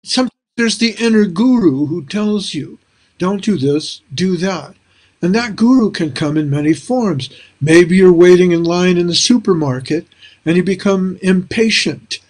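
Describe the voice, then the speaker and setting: A man's voice: high voice, lively intonation, normal speed. An older man hosting a casual interview, talking in a reflective, rambling way with many fillers. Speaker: host.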